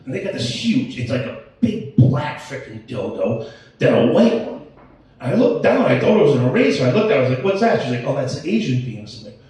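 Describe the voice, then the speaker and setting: A man's voice: medium pitch, big pitch swings, a little fast, a little mellow. A man in his late forties doing a crude, rambling open-mic stand-up set, full of swearing and self-interruptions. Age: 40s. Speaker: stand-up comedian. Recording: echoey room, mic at a distance.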